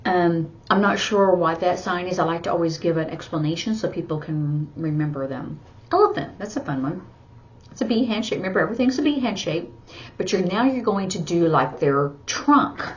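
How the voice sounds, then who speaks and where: A woman teaching sign language in a slow, gentle explanatory style, with soft asides. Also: fairly low pitch, animated. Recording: slightly dull recording with faint background hiss.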